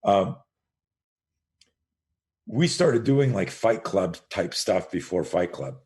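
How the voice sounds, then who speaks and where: A fairly low-voiced middle-aged man from Canada talks as a podcast guest about self-defense coaching. He tells stories in an animated, profane way and slips into other people's voices to act out quoted exchanges. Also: slow pace. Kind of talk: conversational storytelling.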